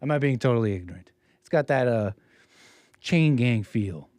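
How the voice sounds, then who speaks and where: A man's voice: medium pitch, animated, moderate pace, darkish tone, no echo, clean studio sound. A man hosting a live stream, commenting on a video in a rambling, sarcastic way with frequent restarts.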